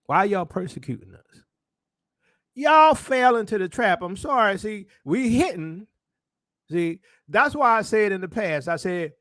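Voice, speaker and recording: A male preacher delivers a fervent sermon in a high voice that leaps and swoops across a very wide range. He calls out to his listeners and climbs to ringing exclamations. The sound is dry and close, with no echo. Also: sing-song, unhurried. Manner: fervent, rising to shouted exclamations; calls out to the congregation.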